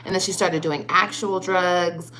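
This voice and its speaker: A woman's voice: fairly low pitch, steady tone, unhurried, sharp tone, a little hiss or hum, rough recording. A woman ranting on a livestream, mocking and profane, sometimes faking crying. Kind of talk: livestream rant.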